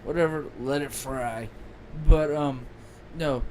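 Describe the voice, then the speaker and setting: A man's voice: medium pitch, slow, darkish tone, rough recording. A man co-hosting a podcast in casual chat, rambling and opinionated. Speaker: podcast co-host. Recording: noticeable background noise.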